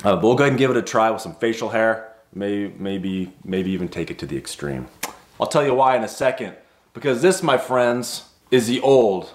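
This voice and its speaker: A man's voice: on the low side, lively intonation, normal speed, echoey room, natural voice. A man voicing a boastful bearded character who talks about himself in the third person, as a comedic vlog bit. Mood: smug.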